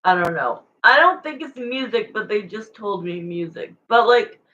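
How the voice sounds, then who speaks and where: A woman's voice: medium pitch, animated, normal speed, bright, forceful tone, dull audio. A woman giving a live tarot reading to viewers in a rambling, emotional, chatty way, searching for words as she goes. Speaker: tarot reader.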